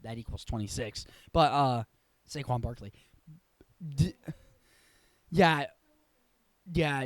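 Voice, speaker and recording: A man talking sports in a casual, rambling way, firing off blunt opinions and correcting himself as he goes. His voice sits a little higher than most men's. The sound is dry and close, with no room echo. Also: expressive, measured pace, long pauses. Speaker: sports show host.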